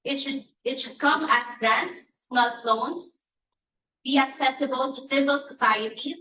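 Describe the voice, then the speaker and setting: A woman's voice: high voice, sharp tone. A woman from the Philippines reading an emphatic prepared statement at a press briefing, speaking as a church advocate. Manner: emphatic, deliberate, listing demands. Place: conference press room. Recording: echoey room, from a distance.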